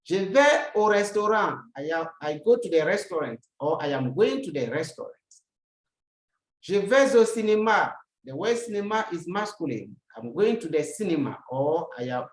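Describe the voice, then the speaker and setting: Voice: medium pitch, darkish tone. Teacher drilling examples in a roomy space. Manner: repeats each example and translates it, with rhetorical questions to the learner. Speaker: language teacher. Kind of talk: recorded lesson. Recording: roomy echo.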